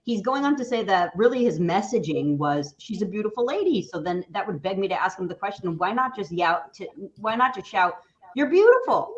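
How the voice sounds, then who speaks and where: Animated career coach woman, lo-fi call. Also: medium pitch, fairly quick, hardly any pauses. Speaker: career coach, resume writer. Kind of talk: casual video-call chat.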